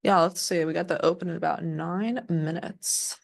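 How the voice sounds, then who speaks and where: A woman's voice: lowish voice, fairly even intonation, normal speed, creaky. A young woman casually chatting as a co-host of a live trading stream, rambling with lots of fillers and restarts. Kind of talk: casual livestream chat.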